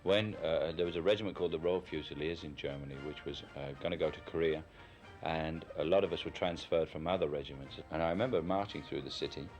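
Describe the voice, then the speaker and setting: A man's voice: rumbling low, fast, a little mellow, muffled recording, faint music behind. A man with a Cockney accent from London, giving a frank, opinionated and reflective account in a candid documentary interview. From London, England.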